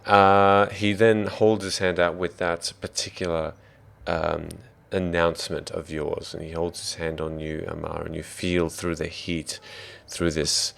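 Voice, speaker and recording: A man's voice: low-pitched, level tone, unhurried, gravelly, hardly any pauses, a bit bright. A man with an Australian accent narrating a tabletop game as dungeon master, descriptive and given to hesitant fillers.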